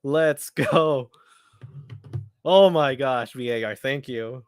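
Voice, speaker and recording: A man's voice: medium pitch, slow pace, smooth, no room sound. A man hosting a live football watchalong, reacting eagerly and chatting casually, often repeating his phrases. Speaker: watchalong host. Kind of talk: live match commentary watchalong.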